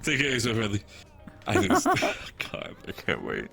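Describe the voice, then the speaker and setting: A man's voice: lowish voice, huge pitch swings, measured pace, gravelly. A man in casual, crude chat with fellow roleplay players, laughing often. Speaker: roleplay streamer.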